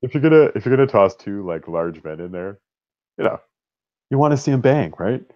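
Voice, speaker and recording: A man from Canada co-hosting a casual sports podcast, teasing and animated. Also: lowish voice, brisk, muffled recording. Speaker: podcast co-host. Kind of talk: casual chat.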